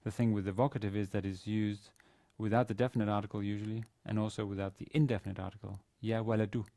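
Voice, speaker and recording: Low, dark-voiced man teaching Arabic grammar. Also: little pitch movement, quick pace, vocal fry, no room sound. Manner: hesitant, explanatory, many fillers and restarts. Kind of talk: recorded university lecture. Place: university teaching room.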